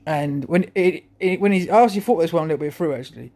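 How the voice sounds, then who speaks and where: A man's voice: fairly high pitch, fast talker, warm tone. A man talking to camera in a rambling, chuckling monologue full of restarts. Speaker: vlogger.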